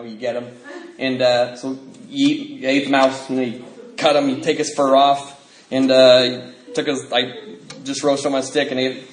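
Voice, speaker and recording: A middle-aged man from the Pacific Northwest, telling his recovery story to a live audience in a joking, self-mocking way with many fillers. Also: medium pitch. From Bellingham, Washington. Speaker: recovery speaker. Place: convention hall before an audience. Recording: roomy hall, noisy live recording.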